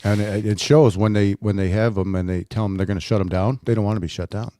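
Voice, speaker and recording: A man's voice: fairly low pitch, fairly even intonation, quick pace, mellow. A middle-aged man co-hosting a casual talk show, telling stories and laughing at himself. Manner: storytelling, laughs often, self-deprecating. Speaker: co-host. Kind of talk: casual chat.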